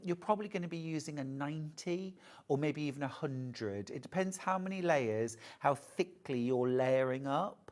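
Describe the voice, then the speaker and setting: A middle-aged British woman presenting a live TV shopping show about sewing, chatting and gushing over fabrics. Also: sits low.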